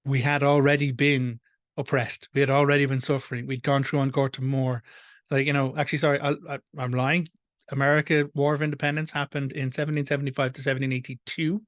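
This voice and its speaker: A man's voice: mid-range voice, little pitch movement, fast talker, no room sound, lo-fi sound. An Irish man hosting a reaction video, ranting bluntly and with frustration. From Ireland. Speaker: host. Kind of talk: reaction commentary.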